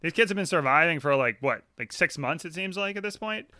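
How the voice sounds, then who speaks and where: A man's voice: a little high, lively intonation, brisk, pushed and bright, smooth, dry recording, studio quality. A man co-hosting a casual book club podcast, laid-back and swearing freely, acting out scenes as he retells them. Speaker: podcast co-host.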